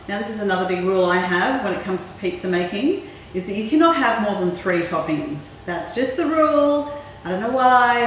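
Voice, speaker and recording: A woman hosting a cooking show, chatting in a relaxed way and thinking aloud as she works. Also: mid-range voice. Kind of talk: casual cooking demonstration. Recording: very echoey room, mic far off, faint noise.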